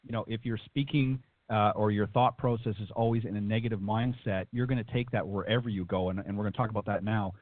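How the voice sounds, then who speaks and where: A man co-hosts a radio interview, feeling his way through each question with plenty of ums and restarts. His voice sits a little low for a man. The sound is dry and phone-thin. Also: steady tone, quick pace, few pauses, no echo. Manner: hesitant, searching for words. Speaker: radio show co-host. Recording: dry, tinny phone line.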